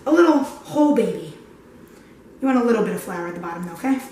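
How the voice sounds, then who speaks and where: A woman's voice: mid-range voice, animated, fast, background noise. A young woman hosting a comedic cooking tutorial in a home kitchen, goofy, crude and rambling. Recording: echoey kitchen, mic at a distance.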